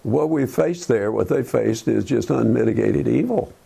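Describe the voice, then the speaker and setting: An older man hosting a Christian talk show, earnest and preachy, talking in halting phrases with many restarts. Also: mid-range voice, expressive, vocal fry, warm tone, slightly rough. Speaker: Christian radio host. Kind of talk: casual talk about current events.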